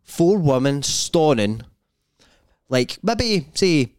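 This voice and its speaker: A young man with a Scottish accent co-hosting a casual podcast, telling animated stories full of slang and breaking into loud laughter. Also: on the high side, very slow, clear, resonant tone, no room sound, studio quality. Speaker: podcast co-host. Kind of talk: casual chat.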